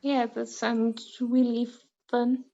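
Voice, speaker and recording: A woman hosts a casual interview, talking slowly and relaxed in a fairly high voice. Her audio sounds dull and muffled. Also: gravelly. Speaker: interview host.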